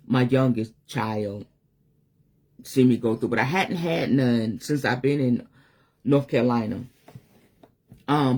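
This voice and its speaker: A woman's voice: rumbling low, slightly rough. A woman, talking heartfelt and unscripted on a livestream, weary at times, laughing at others, swearing freely. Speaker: spiritual life coach on a live stream. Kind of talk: emotional casual livestream monologue.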